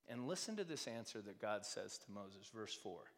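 A man preaches to his congregation in an easy, conversational way and keeps throwing rhetorical questions at them. His voice swings between quiet asides and louder emphasis at a middle pitch. A long reverb from a church sanctuary trails after his words. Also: big pitch swings, normal speed, hardly any pauses. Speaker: pastor. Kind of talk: sermon.

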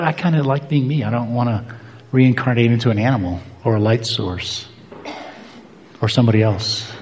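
A man's voice: mid-range voice, darkish tone, big-room sound. A man preaching a sermon, telling a personal story and acting out both sides of a conversation.

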